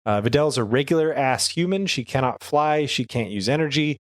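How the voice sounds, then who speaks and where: A man co-hosting a casual podcast, analyzing episodes in a relaxed, thoughtful way. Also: medium pitch, brisk, no room sound, studio quality. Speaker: podcast co-host.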